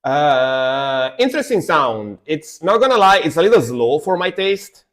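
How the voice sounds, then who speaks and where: A man's voice: fairly high pitch, big pitch swings, a little slow, fairly bright tone. A man streaming live, reacting to metal music in casual commentary and humming along to riffs. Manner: chatty, scats along to the music.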